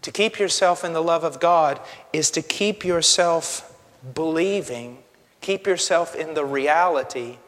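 A male pastor preaching a sermon with passion, dropping to a hush and then rising to a shout. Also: on the high side, a little slow, big-room sound. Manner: impassioned, swings from hushed to shouting.

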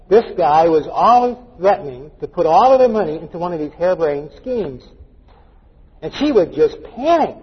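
Husky folksy preacher in an echoey hall. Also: male voice, sits high, highs cut off. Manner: folksy, anecdotal, joking. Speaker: pastor. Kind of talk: storytelling sermon.

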